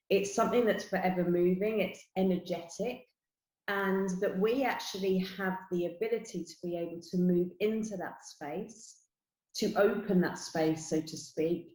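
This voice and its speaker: A middle-aged woman, a guest who works as a spiritual teacher, explains her work in an interview with a London accent. She speaks earnestly and steadily in a lowish voice, often adding "you know." A roomy echo surrounds the recording.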